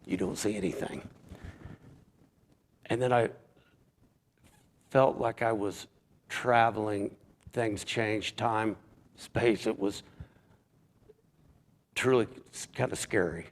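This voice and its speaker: Halting, low-voiced man giving testimony. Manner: halting, restarts and repeats words. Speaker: church member giving a testimony. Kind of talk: personal spoken testimony.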